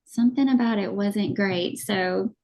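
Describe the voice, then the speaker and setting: A woman co-hosts a podcast and chats in a relaxed, easygoing way, telling little stories. Her voice sits at an ordinary middle pitch. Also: unhurried, gravelly. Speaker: podcast co-host. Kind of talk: casual podcast chat.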